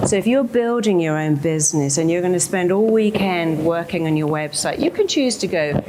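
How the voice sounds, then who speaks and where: A woman's voice: fairly low pitch, lively intonation, a little fast, few pauses, mellow, a little hiss or hum, low-quality recording. A woman therapist giving a motivational talk to an audience, speaking emphatically and acting out the inner voices of her listeners.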